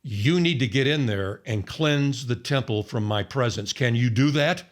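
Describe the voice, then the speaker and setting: A man's voice: mid-range voice, moderate pace, close to an everyday voice. Guy doing a bossy roman general, blunt and dismissive, everyday voice. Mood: commanding. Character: haughty male Roman general, commanding.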